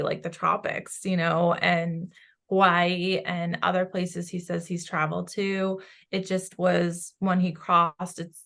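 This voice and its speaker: A woman's voice: lowish voice, vocal fry, fairly bright tone. A woman psychic medium describing her visions in a loose, rambling way, full of fillers. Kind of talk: channeling session in casual chat.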